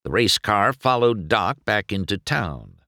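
A man narrating a storybook aloud in a slow, expressive way. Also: fairly low pitch, creaky, no room sound, studio quality. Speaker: storybook reader.

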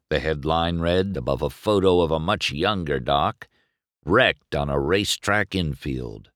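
A man narrating a storybook aloud in a slow, expressive way. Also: a bass voice, dry recording, studio quality. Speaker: storybook reader.

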